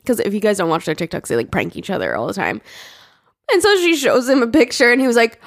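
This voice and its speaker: A woman co-hosting a podcast, telling stories in casual chat and acting out the quotes in a higher voice. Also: fairly quick, no echo, studio quality. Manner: animated storytelling, acts out quotes in a high voice. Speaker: podcast co-host.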